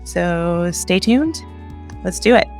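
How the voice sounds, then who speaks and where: A woman's voice: fairly low pitch, lively intonation, slow pace, over loud music. A woman with a Chicago accent hosting a casual explainer video, chatty and self-deprecating, laughing often. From Chicago, US Midwest. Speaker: crypto video host.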